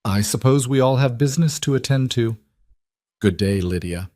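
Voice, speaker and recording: A man's voice: medium pitch, normal speed, a little mellow, dry recording, clean studio sound, pitched above the performer's own voice, close to an everyday voice. A man voicing a cruel, snobbish society woman in a frontier town, haughty and mocking. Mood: cold.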